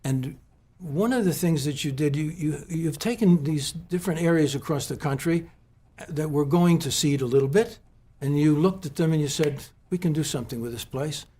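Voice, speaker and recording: A man from the West Coast of the US interviewing a guest at a golf club, speaking haltingly with many restarts and fillers. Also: on the high side, warm tone, husky. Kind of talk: heartfelt conversational tribute.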